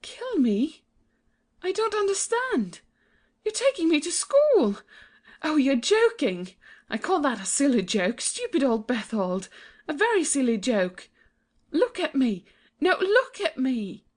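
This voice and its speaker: A woman voicing a gentle, trusting young princess in a dramatized audiobook, innocent and pleading. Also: sits high, very animated, slow pace, heavily acted. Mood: teasing.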